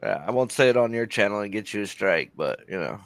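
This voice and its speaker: A man's voice: fairly low pitch, animated, quick pace, no echo. A man in middle age chatting casually on a live sports show, telling jokey stories with plenty of swearing. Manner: profane, jokey storyteller. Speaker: guest co-host. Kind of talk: casual chat.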